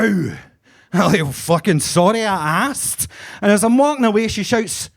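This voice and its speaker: A flamboyant Glaswegian man in his forties works a comedy club crowd with a high, camp voice. He swears freely and plays up his own manner for laughs, talking into a handheld mic on a basement stage. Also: lively intonation, moderate pace, gravelly. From Glasgow, Scotland. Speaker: stand-up comedian. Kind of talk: stand-up set.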